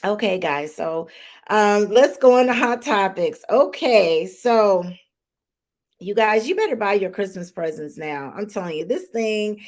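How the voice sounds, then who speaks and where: A woman's voice: medium pitch, expressive, measured pace. A woman hosting a live-streamed talk show, chatty and emotional with many fillers and restarts, holding back tears. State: tearful, holding back crying.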